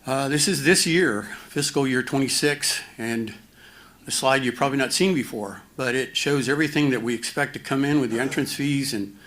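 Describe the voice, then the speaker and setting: A man presenting finance slides at a community town hall, halting with many fillers and restarts and a dry, self-mocking humor. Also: medium pitch, fairly bright tone.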